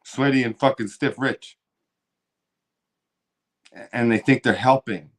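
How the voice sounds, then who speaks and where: A man's voice: mid-range voice, measured pace. A man hosting a podcast, ranting heatedly with constant swearing and repeated words. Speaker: podcast host. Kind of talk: profane political rant.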